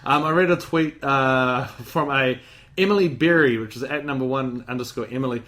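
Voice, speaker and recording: A man's voice: medium pitch, normal speed, fairly bright tone. A man hosting a podcast in casual chat, rambling with lots of restarts, buzzing on caffeine. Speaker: podcast host.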